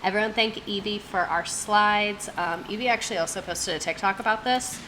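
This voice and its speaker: A woman in her twenties hosting a casual live stream, talking very fast and gasping for air between phrases. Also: mid-range voice, bright, forceful tone, a little hiss or hum, rough recording. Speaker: streamer host. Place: home streaming setup.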